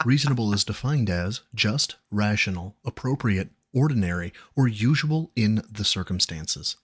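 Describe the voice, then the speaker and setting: A man narrating a video essay in a measured, formal, mock-academic scripted delivery. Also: on the low side, animated, a bit bright, husky.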